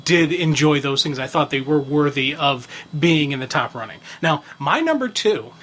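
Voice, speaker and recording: A man chatting on a fan podcast, his voice sitting a little high for a man. He rambles eagerly, filling pauses with ums and you-knows. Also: lively intonation, a bit bright. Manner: enthusiastic, rambling with fillers. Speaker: podcast co-host. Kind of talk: casual chat.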